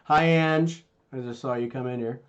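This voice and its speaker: A man's voice: medium pitch, moderate pace, smooth, muffled recording. A man in his thirties hosting a casual live stream from home, joking around and reading out comments from viewers. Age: 30s. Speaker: live stream host celebrating his birthday.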